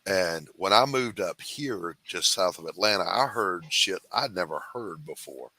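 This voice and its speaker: A man from the South Carolina Low Country, hosting a casual, jokey, rambling podcast chat. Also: lively intonation, a little slow, pushed and bright. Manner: jokey, rambling, laughs easily. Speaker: podcast host.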